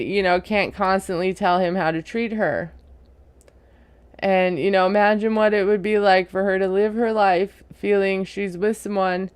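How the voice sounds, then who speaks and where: A woman giving a casual, opinionated recap of a reality TV episode, chatty and quick to laugh. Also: mid-range voice, smooth, dry recording.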